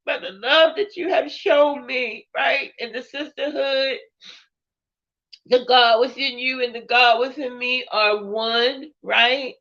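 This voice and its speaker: A woman talking slowly and earnestly to viewers on a live stream, repeating "right?" and turning tearful. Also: sits high, steady tone, fairly bright tone, muffled recording. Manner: heartfelt, repeating "right?" and names. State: tearful, crying.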